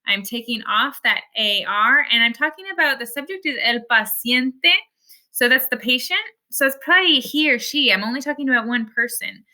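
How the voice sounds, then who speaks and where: A woman's voice: a little high, moderate pace, sharp tone. A woman, teaching a recorded Spanish lesson over slides, explaining patiently step by step.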